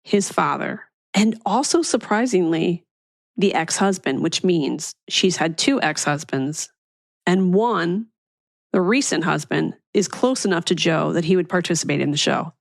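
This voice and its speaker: A woman in her forties hosting a casual podcast, emphatic and quick to chime in. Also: on the low side, gravelly, dry recording, studio quality. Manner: lively, emphatic, quick agreeing interjections. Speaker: podcast host.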